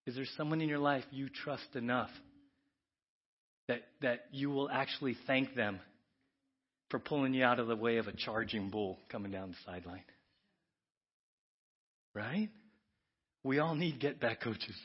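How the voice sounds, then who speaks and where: A man's voice: mid-range voice, moderate pace, long pauses, breathy edge. Earnest man preaching, lo-fi audio. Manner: earnest, emphatic preaching that drops to soft prayer. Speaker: pastor. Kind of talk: sermon with closing prayer. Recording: dull lo-fi church audio.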